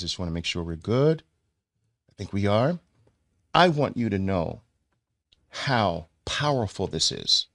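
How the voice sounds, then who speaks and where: A man with a New York accent teaching a trading chart lesson, playful and animated, acting out lines for the moving averages. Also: lowish voice, no echo, clean studio sound. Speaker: trading educator.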